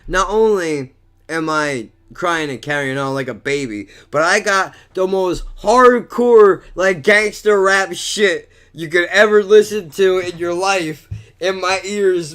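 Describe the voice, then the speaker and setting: A man's voice: high-pitched, measured pace, a bit bright, clear, resonant tone. A man rambling through a crude, profanity-filled vlog monologue, swearing and mocking himself. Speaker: vlogger.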